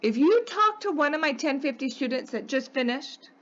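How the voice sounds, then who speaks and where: A woman teaches a math class in an emphatic, coaxing way, often pausing to ask "okay?". Her voice sits fairly high. The recording from the classroom is dull and lo-fi. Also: animated, fairly bright tone. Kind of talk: classroom lecture.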